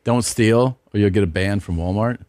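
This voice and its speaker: A man's voice: lowish voice, moderate pace, a little mellow, no echo. A man co-hosting a podcast with dry, incredulous commentary and casual chat. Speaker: podcast host.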